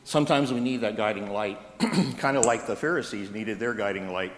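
A man preaching a sermon in a church, telling stories with gentle humor. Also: lowish voice, moderate pace, slight background noise. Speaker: pastor. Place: church sanctuary. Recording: echoey church hall from a distance.

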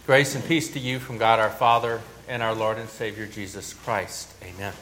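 A man's voice: lowish voice, fairly even intonation, moderate pace, fairly bright tone, a little hiss or hum. A man preaching a sermon as pastor, telling a story with rising emphasis and small restarts.

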